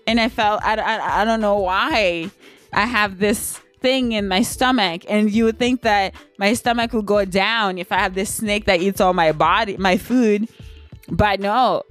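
A young woman casually telling a personal story on her vlog. She laughs often and her voice jumps high when she acts out moments of shock. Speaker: vlogger.

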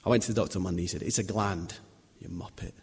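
A man's voice: low voice, fairly even intonation, fast, darkish tone. A man in his thirties giving an informal sermon, chatty and anecdotal, often restarting his sentences. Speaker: lay preacher. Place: church. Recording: long reverb of a church hall.

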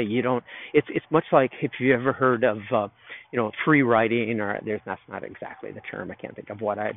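Rambling man on a phone-like line. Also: medium pitch. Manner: loose storytelling, rambling and reflective. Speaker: podcast host. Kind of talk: rambling solo podcast monologue. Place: outdoors in a park. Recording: narrow phone-like sound.

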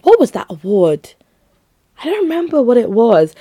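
A woman's voice: a little high, huge pitch swings, normal speed, dark tone, dry recording. Young woman, solo podcast host, casual rambling chat, giggly, dry close mic. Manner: rambling, chatty, giggly asides.

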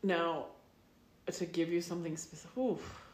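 A woman's voice: fairly low pitch, fairly even intonation, normal speed. A woman co-hosting a podcast, telling a personal story in a rambling, reflective way with lots of fillers. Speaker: podcast co-host. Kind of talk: casual chat.

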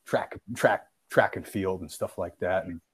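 Low, slightly rough, and measured, this young man's voice carries a casual retelling of a school prank from years back. He laughs a lot, swears freely, and animatedly performs the quotes.

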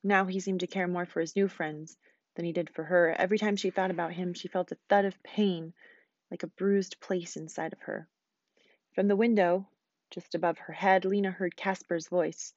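A woman teacher reading a novel aloud, quick and expressive. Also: fairly low pitch, dry recording, highs cut off.

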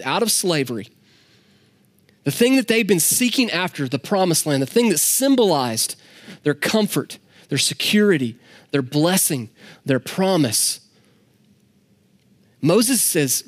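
A man preaching a sermon in a candid, conversational way, with asides to the congregation. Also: sits high. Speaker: pastor.

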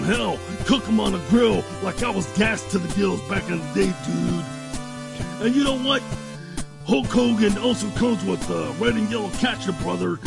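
A man voicing a boastful, gravelly macho wrestler pitching a product in a comedic fake ad. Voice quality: gravelly, growled delivery. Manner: brash sales pitch, drawn-out boasts. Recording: music bed behind voice.

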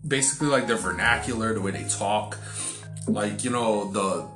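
A man's voice: lowish voice, moderate pace, reverberant, music in the background. A man chatting casually as a podcast co-host, rambling with lots of fillers and swearing. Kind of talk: casual chat.

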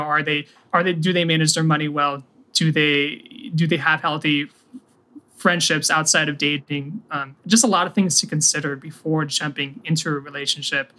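A man's voice: a little high, bright, forceful tone. A man co-hosting a podcast, giving earnest dating advice in casual chat. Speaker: podcast co-host.

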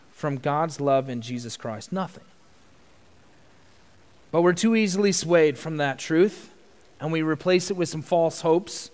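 Guy with a high voice preaching a sermon, earnest, big echo from the hall. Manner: earnest preaching, rising to loud emphasis. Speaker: pastor. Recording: long church reverb.

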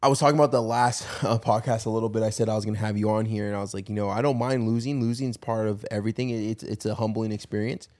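An American man of Mexican heritage hosts a casual podcast. He talks quickly and tells stories with animated energy, slipping into his friends' voices. His speech is loose and full of slang. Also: on the low side. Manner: animated storytelling, mimics friends with slangy banter. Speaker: podcast host.

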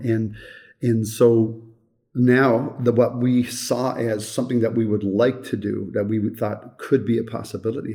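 A man's voice: on the low side, a little mellow. An older man who directs a children's home, telling a heartfelt story in an interview with earnest repetition.

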